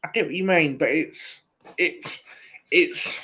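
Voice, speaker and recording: A man with an Essex accent chatting casually on a live stream, rambling and halting, full of fillers and calling everyone mate. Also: fairly high pitch, sharp tone, rough recording. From England. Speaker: livestream host.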